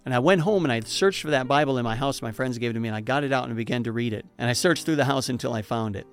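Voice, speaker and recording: A man's voice: mid-range voice, racing, smooth, soft background music. A man telling his personal testimony in an earnest, emotional way, with preacher-like emphasis. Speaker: speaker giving a personal testimony.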